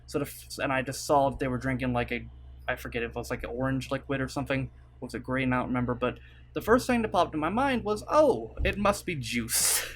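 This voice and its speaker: Young dude rambling to his webcam, lots of likes and ums, mid-pitched voice, bit of faint noise. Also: fast. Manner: rambling, filler-heavy, apologetic. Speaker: YouTuber. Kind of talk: casual vlog talk to camera. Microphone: desk mic at webcam setup.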